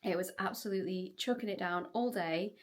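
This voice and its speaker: A woman's voice: mid-range voice, fairly quick, no room sound. Casting: woman, casual vlogger talking to her camera in a car, chatty and laughing, dry close sound. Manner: chatty, laughs often, thinks aloud. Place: inside a car. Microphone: handheld camera.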